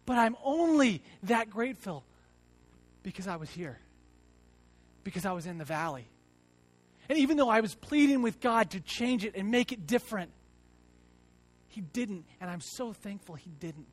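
A man in his thirties preaching a sermon to a congregation in a church, earnest, swinging between loud emphasis and hushed reflection and often repeating words. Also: very high-pitched, expressive, normal speed, pauses often, dry recording. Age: 30s. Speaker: church teacher.

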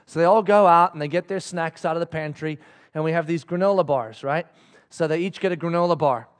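A man in his thirties preaching a sermon, telling a family story with animated, emphatic delivery. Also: fairly high pitch, fairly quick. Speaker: pastor.

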